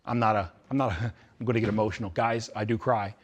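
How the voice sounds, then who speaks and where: A man's lowish, steady-toned voice moves fast as he speaks to students gathered at a youth retreat. He is blunt and intense and hammers his points through repetition. The event, a live motivational talk with Q&A, takes place in a large indoor hall with an audience.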